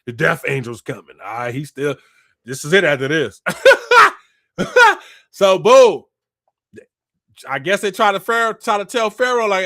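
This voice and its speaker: A man retelling a scripture story in a casual, profane and animated way, acting out the people in it. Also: high voice, moderate pace, dry recording, clean studio sound. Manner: animated, profane, slangy, acts out quotes. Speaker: spiritual commentator.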